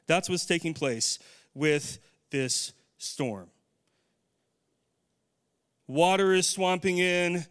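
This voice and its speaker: Middle-aged pastor guy preaching, chatty, asks the room stuff, smooth clear voice pitched a bit high. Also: extremely slow, pauses often, a bit bright. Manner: conversational, asks the congregation questions. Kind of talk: sermon.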